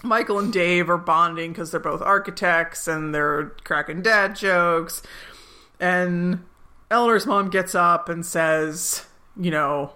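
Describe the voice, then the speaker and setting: A woman co-hosting a podcast, chatting casually as she recaps a TV episode, with many asides and quick laughs. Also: fairly low pitch, bright, forceful tone. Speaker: podcast co-host.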